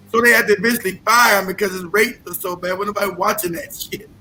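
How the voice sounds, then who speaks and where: A man's voice: sits high, fairly even intonation, fairly quick, pushed and bright, slight background noise, rough recording. A man hosting a podcast, talking in a casual, profane and mocking rant and laughing often. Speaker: podcast host.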